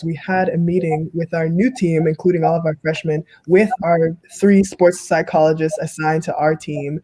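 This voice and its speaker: A woman's voice: low-pitched, warm tone, no room sound, poor audio. Earnest young woman on a dry mic. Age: young adult. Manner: earnest advocacy. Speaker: college athlete, panelist. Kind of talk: casual panel discussion.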